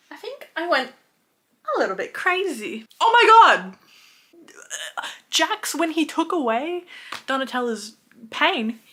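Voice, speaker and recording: A young woman in her twenties tells the plot of a book series in a lively, exasperated way and swears freely. Her voice is bright and sits a bit high. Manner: animated, exasperated, swears often. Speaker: book reviewer. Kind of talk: casual book recap.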